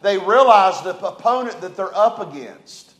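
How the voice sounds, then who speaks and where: A man preaching a sermon, his voice sitting high for a man. He talks in a folksy way, rising loud and falling quiet. The sound rings around a roomy church sanctuary. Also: animated, normal speed. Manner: folksy, dynamic preaching with big swings in loudness. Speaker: pastor. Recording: echoey church room.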